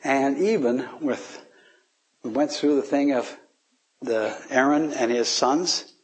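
A man giving an informal Bible teaching, asking his listeners rhetorical questions and chuckling as he explains. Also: slow. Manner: rhetorical questions, chuckles, pitch swings for emphasis.

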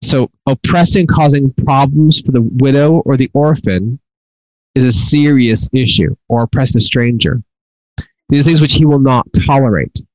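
A man's voice: mid-range voice, normal speed, no echo, rough recording. A middle-aged man teaching from the Torah in an earnest way, often repeating and restarting his words. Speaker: Bible teacher.

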